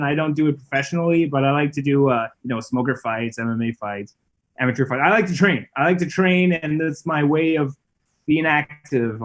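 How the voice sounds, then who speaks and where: Male guest from Canada, relaxed rambling talker, a bit high-pitched. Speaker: guest musician. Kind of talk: casual chat.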